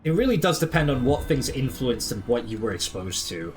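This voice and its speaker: Male streamer, American accent with British slips; casual chatter and lively pitch. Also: fairly quick, soft background music. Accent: American, slipping toward British. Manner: casual, reads chat and in-game documents aloud. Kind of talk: casual gameplay livestream chat.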